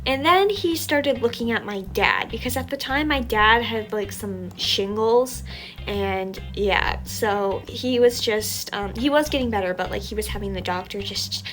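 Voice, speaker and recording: A young adult woman telling a story from her childhood in an animated, chatty, self-mocking way, while still a little sick. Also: mid-range voice, unhurried, faint music behind. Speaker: storytime vlogger. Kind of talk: casual storytelling.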